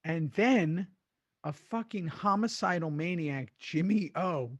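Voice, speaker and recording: A middle-aged man hosting a podcast in casual chat, animated, swearing freely and laughing mid-sentence. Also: on the high side, takes it slowly, dry recording, highs cut off. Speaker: podcast host recapping a TV episode.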